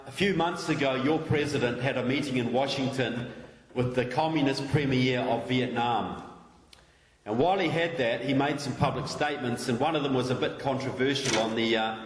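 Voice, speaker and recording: A man from New Zealand with a New Zealand accent, giving an emphatic political lecture to a live audience in a large hall and putting direct questions to the crowd. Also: medium pitch. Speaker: guest speaker. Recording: echoey hall recording with long reverb.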